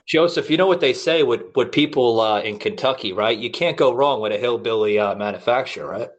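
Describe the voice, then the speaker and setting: A man's voice: medium pitch, brisk, muffled recording. Blunt joking New York man. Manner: blunt and joking, with many restarts. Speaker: podcast host. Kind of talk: casual chat.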